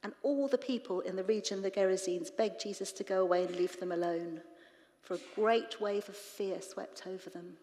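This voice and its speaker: A woman preaching in church, retelling scripture with lively, animated asides to the congregation. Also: medium pitch, normal speed. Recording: reverberant church hall.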